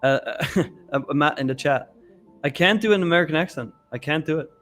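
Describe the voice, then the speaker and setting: A man's voice: fairly high pitch, fairly bright tone, faint music behind. A man co-hosting a live trading show, reading viewer comments and laughing a lot in loose casual chat. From born in the UK. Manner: laughs often, quick and loose.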